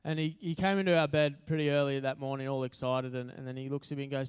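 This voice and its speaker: A man's voice: mid-range voice, fairly even intonation, quick pace, hardly any pauses, smooth. Chatty Australian man preaching. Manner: chatty, self-deprecating, lots of fillers. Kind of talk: casual sermon. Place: church hall.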